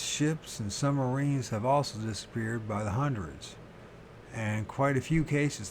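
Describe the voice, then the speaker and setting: A man reading a book about strange disappearances aloud, slowly and haltingly, often restarting words and correcting himself. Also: mid-range voice, slight background noise. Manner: pauses to question his own pronunciation. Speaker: reader of a paranormal book.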